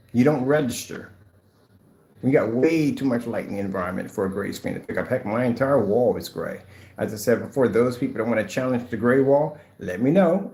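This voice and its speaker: The recording, full of roomy echo, captures a man with a mid-range, slightly mellow voice. He's at home in a room with a projector and gray wall, giving a casual, emphatic, rambling sales demo of his projector screen paint.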